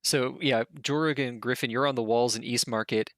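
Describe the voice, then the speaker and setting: A man narrating a tabletop game as dungeon master, in a loose, halting way with spoken sound effects. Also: mid-range voice, steady tone, fairly bright tone, no room sound.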